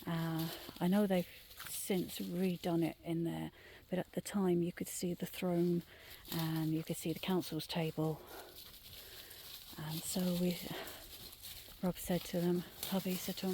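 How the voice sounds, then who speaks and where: Middle-aged woman, night-walk storytelling, hushed half-whisper, gravelly low voice. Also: little pitch movement, unhurried, a little hiss or hum. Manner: drops often into a hushed whisper. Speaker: vlogger telling ghost stories. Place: woodland trail outdoors at night.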